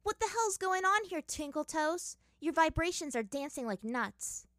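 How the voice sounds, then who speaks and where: A woman's voice: high-pitched, sing-song, moderate pace, fairly bright tone, no echo, clean studio sound, voice pushed up. A woman voicing a brash, blunt young girl in a fan fiction reading. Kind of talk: fan fiction read aloud.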